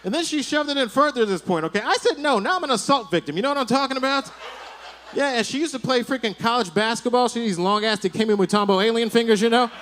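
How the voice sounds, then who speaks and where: A man doing a stand-up comedy set for a live audience, telling animated stories and tagging his lines with "right?". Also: very high voice, fast, a little hiss or hum.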